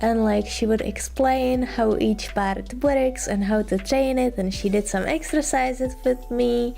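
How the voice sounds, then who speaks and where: A woman's voice: on the high side, measured pace, gravelly, warm tone. A young woman streaming, chatting casually and shyly, retelling a story with lots of likes and ums and giggling often, while sick. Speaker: vtuber streamer.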